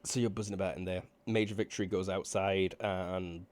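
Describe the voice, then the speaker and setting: Deep-voiced laid-back male game master. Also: a little fast. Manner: relaxed, stumbles and restarts often. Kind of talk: running a tabletop game on a video call.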